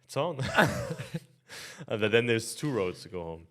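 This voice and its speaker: Low-voiced man telling a stammering story. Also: measured pace. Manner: storytelling, stammering restarts, dry humor. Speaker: podcast host. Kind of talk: casual podcast chat.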